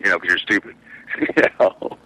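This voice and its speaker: A man's voice: low-pitched, expressive, normal speed, pushed and bright, slightly rough, rough recording. A man who drives trucks, telling a rambling, profane story in casual podcast chat, with lots of fillers. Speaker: truck driver, show regular.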